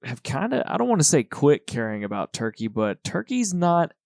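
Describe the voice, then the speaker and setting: A man hosting a podcast, asking questions in relaxed conversational chat with some hesitant fillers. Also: fairly high pitch, moderate pace, creaky, no echo, studio quality. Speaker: podcast host. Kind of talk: casual interview. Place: Texas.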